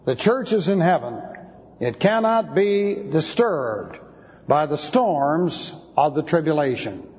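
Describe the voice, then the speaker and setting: A man's voice: on the high side, very animated, slow pace, a little mellow. A man teaching an expository sermon, spelling out Greek words letter by letter. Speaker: Bible teacher. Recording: dull lo-fi sound with long hall reverb.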